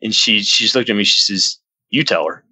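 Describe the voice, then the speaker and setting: Low-voiced man, forceful and dry. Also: brisk, slightly rough, no room sound, poor audio. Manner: earnest, rambling retelling with frequent restarts and fillers; acts out his own quoted lines in a jumpy, raised voice. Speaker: podcast guest. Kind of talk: casual storytelling in an interview.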